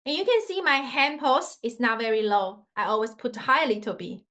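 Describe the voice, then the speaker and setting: A woman teaches learners how to pronounce Mandarin tones, her voice fairly high and fairly bright. She goes slowly and patiently, demonstrating as she speaks English with non-native grammar.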